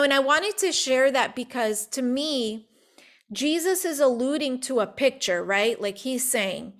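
A woman telling a personal faith story in casual talk, acting out the quotes in quick, animated bursts. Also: sits high.

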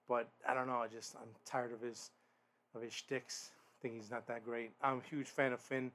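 A man's voice: medium pitch, flat delivery, normal speed, a bit bright. Rambling man reviewing wrestling. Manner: rambling, frequent restarts and fillers; blunt, swears. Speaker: podcast host. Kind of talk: casual solo wrestling review.

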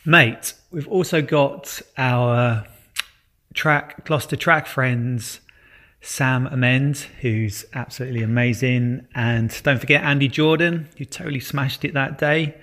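A man's voice: medium pitch, steady tone, unhurried, a bit bright. A man hosting a podcast in casual chat, enthusiastic and chummy, calling his co-host mate.

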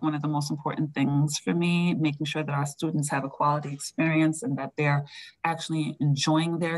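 A woman's voice: low-pitched, poor audio. A woman from New York with a New York accent, answering interview questions as a school district leader in a conversational way, with frequent fillers.

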